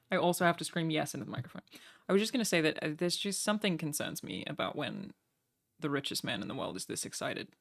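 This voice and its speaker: A young woman streaming from home, chatting casually and joking at her own expense, with quick asides to her chat. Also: low-pitched, lively intonation, gravelly. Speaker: streamer reacting to a broadcast.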